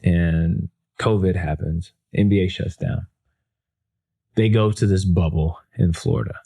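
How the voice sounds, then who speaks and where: Low gravelly-voiced man telling stories. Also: a little slow. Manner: animated, self-deprecating, many fillers and restarts. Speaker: guest, motivational speaker. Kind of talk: casual storytelling.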